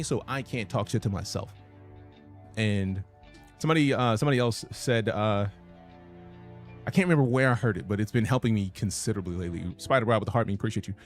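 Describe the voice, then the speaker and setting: A man streaming a game, chatting casually and profanely while reading out his chat. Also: on the low side. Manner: casual, profane, reads chat messages aloud.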